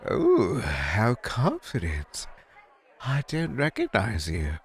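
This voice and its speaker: A man's voice: lowish voice, huge pitch swings, slow, some chatter behind, pitched above the performer's own voice, full character voice. A man voicing a haughty, flirtatious woman nightclub owner in a game, with a drawling, affected manner. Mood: coy. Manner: drawling, affected, says "darling". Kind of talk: reading game dialogue aloud.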